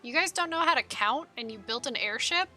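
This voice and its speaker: A woman's voice: high-pitched, animated, a little fast, pushed and bright, faint music behind. A young woman streamer chatting with jokes and swearing during live game commentary. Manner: joking, swearing, giggly asides.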